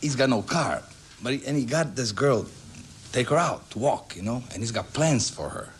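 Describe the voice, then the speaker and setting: A Brazilian-born man telling comic stories as a guest on a television talk show, breaking into squeaky voices for his characters. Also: animated, normal speed, slight background noise. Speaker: guest entertainer.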